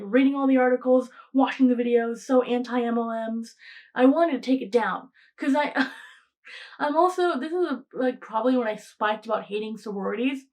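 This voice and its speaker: Young woman, solo podcast host, rambly casual delivery, a bit high-voiced. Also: darkish tone, poor audio. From Greek heritage, raised in the United States. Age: young adult. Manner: rambling, frequent "like" and restarts, laughs often.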